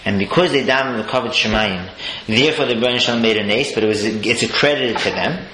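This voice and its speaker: A man giving a sermon-style Torah talk, telling stories lively swings between high exclaims and low murmurs. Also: quick pace. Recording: echoey room with faint noise.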